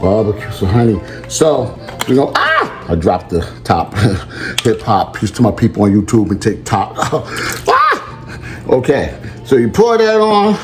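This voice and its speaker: Lively, playful man hosting a cooking vlog. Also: on the low side, a little slow, faint music behind. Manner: silly, animated, sing-song asides. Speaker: cooking show host and teacher. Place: home kitchen.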